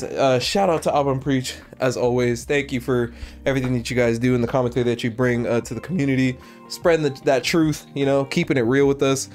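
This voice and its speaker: A young man hosting a reaction video, talking in an excitable, exclaiming way and breaking off mid-sentence. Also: mid-range voice. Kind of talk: animated casual commentary.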